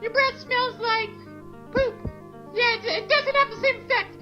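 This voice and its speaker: A man playing Elmo, a childlike red puppet monster, in a squeaky voice, cursing in a rant. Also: steady tone. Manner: foul-mouthed rant, squeaky and rapid. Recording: dull lo-fi clip with music.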